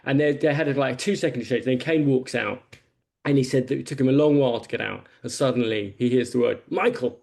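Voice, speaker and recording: A man's voice: mid-range voice, fast, creaky, darkish tone. A man on a podcast panel, telling a long film anecdote in a rambling, casual way.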